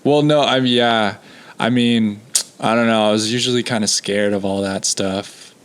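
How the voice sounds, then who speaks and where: A man with a low, baritone voice speaks on a podcast. He is relaxed and wry, and tosses in short questions and dry jokes. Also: moderate pace, clear, resonant tone. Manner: laid-back, joking, curious questions. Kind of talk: casual podcast conversation.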